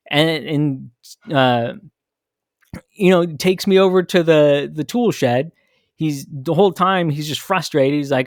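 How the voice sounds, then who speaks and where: A man's voice: a little high, a little slow, long pauses, no echo, studio quality. A man hosting a podcast, telling a candid, reflective story about his own childhood. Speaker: podcast host. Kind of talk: personal storytelling monologue.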